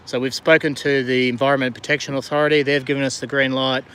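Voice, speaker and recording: A man's voice: medium pitch, level tone, fast, a bit bright, smooth. A middle-aged Australian man live-streaming from a kayak on a river, chatting casually and rambling with fillers as he greets viewers. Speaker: vlogger and diver. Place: outdoors on a river kayak in the rain.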